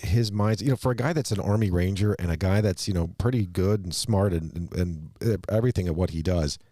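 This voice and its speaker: A man co-hosting a casual movie-review podcast, talking in long, animated, rambling stretches. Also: low voice, a little fast, no room sound, clean studio sound. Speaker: podcast co-host.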